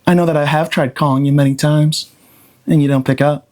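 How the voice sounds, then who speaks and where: Casting: a man doing a meek, pleading boy, pitched up and timid. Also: flat delivery, a little fast, a little mellow, lightly acted. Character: timid, needy twelve-year-old boy.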